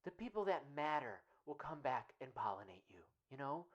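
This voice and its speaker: A woman's voice: rumbling low, big pitch swings, normal speed, highs cut off, heavily acted. A woman playing a rambling earnest radio guru. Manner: rambling, earnest, repeats "right?" constantly. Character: earnest man radio host, rambling self-help guru. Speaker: radio show host. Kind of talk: comedic parody radio monologue.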